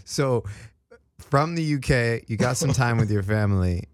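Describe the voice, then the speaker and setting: A man hosting an interview who asks unhurried questions and answers with short backchannels. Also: medium pitch, expressive, dry recording, studio quality. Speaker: interview host. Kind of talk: casual interview.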